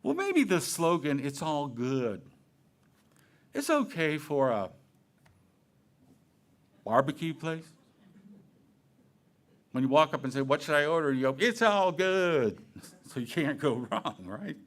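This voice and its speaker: Man, minister, sermon, conversational, playful, very animated pitch. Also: measured pace, long pauses. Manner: conversational, playful, asks questions. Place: church sanctuary.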